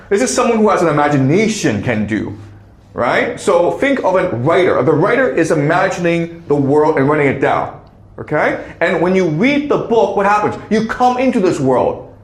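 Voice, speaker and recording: A man's voice: a little high, sing-song, moderate pace. Lecturing man, echoey classroom. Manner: checks in with frequent "okay?".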